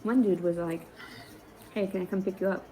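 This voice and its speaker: A woman's voice: fairly low pitch, steady tone, moderate pace, low-quality recording. A woman in a played clip, rambling casually about what she has been up to. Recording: clip played with loud crowd noise.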